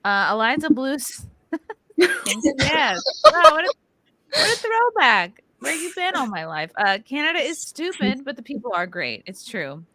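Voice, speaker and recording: Lively bright-voiced woman podcast host. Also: high voice, normal speed, no room sound. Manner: playful, laughing, animated storytelling. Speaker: podcast host reading viewer comments. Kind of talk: casual chat.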